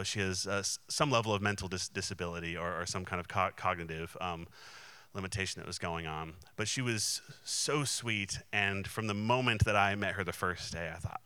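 A man's voice: fairly low pitch, sharp tone, clean tone, dry recording. A man, a Christian minister, telling a personal testimony in an earnest, candid and emotionally open way. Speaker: Christian minister and conference speaker.

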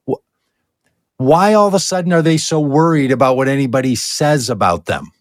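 A man's voice: medium pitch, normal speed, no room sound. Sarcastic ranting man, dry sound. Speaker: co-host. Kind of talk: political commentary chat.

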